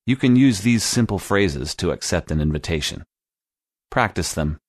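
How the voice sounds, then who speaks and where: A man narrating a scripted English lesson podcast in a slow, clear teaching manner. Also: low-pitched, lively intonation, dry recording, clean studio sound.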